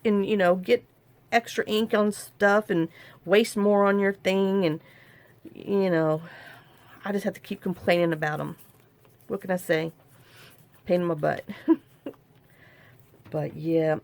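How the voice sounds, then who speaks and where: A woman's voice: lowish voice, unhurried, long pauses, a little mellow. A middle-aged woman, chatting casually while she crafts and telling a long story full of fillers and restarts. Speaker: crafting vlogger.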